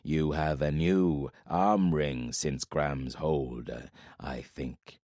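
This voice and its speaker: A man voicing a hulking giant warlord, calm and menacing, in an audiobook, speaking slowly and deliberately. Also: dry recording, studio quality. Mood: measured menace. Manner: slow, deliberate, rumbling.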